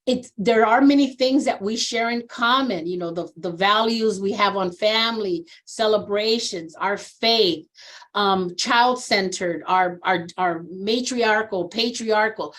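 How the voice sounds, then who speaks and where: A woman in her sixties, a social worker being interviewed, who tells stories animatedly and earnestly, sometimes acting out what people said. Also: unhurried. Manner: animated storyteller who acts out quoted voices with big pitch jumps; earnest and reflective on personal topics. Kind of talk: conversational interview, storytelling.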